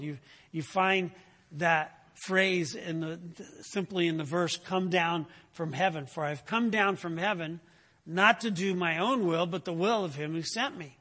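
A man preaching a sermon, teaching with rhetorical questions and frequent "right?" check-ins, and rising in pitch when he presses a point. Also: bright, forceful tone, slightly rough.

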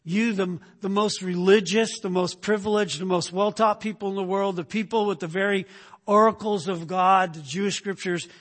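A man's voice: high-pitched, steady tone, normal speed, fairly bright tone, in a large hall. A male pastor preaching a sermon, emphatic, often tagging his points with "right?".

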